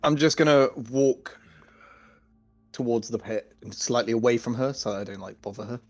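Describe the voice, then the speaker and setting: A man's voice: mid-range voice, normal speed, a little mellow. A man playing a tabletop game, casual and blunt, laughing and swearing as he describes his moves. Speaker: player.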